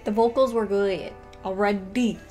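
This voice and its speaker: A young woman reacting to a video in casual, animated commentary, often exclaiming and laughing. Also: mid-range voice, a little slow. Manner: animated, exclaiming and laughing at what she watches. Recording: music playing behind her voice. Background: faint music.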